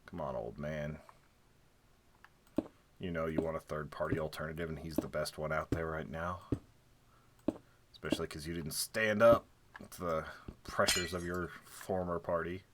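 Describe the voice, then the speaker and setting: Deep-voiced man rambling while he builds. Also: steady tone, normal speed, pauses often, heavy background noise. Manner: rambling, joking, lots of "like" fillers; counts blocks under his breath. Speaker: game streamer. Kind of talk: casual chat while building in a game.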